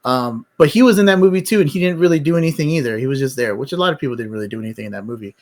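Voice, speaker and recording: Racing through his words in a mid-range voice, a man hosts a live stream. His casual movie talk is rambling and blunt, thick with swearing.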